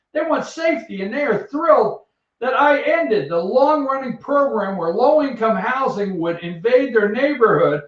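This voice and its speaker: A man hosting a sarcastic, jokey countdown of news headlines from an office. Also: high-pitched. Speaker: host. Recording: echoey, distant, dull sound.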